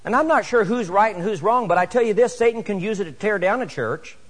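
High-voiced preacher in an echoey hall. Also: male voice, quick pace. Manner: animated, rising to emphatic exhortation. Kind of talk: sermon. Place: church sanctuary.

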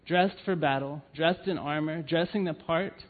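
A slightly high, slightly slow voice belongs to a church family ministry leader who is preaching. He shares personal stories earnestly, often pausing on "um," and the sound quality is tinny, like a phone line.

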